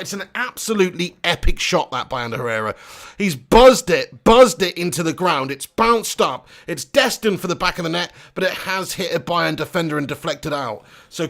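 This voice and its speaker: A young man hosting a live football watch-along, chatty and excitable, reading chat messages and swearing casually. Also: on the high side.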